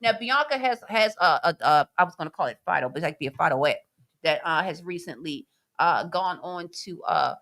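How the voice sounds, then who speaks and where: A woman's voice: fairly low pitch, animated, brisk, a bit bright. A woman co-hosting a casual podcast, reading chat comments and laughing as she acts out quoted voices.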